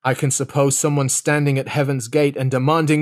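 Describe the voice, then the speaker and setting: A man's voice: mid-range voice, little pitch movement, a little fast, dry recording, clean studio sound. A man reading an old sermon aloud in a solemn, dramatic preaching manner. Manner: solemn, dramatic, shifting pace. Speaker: sermon reader.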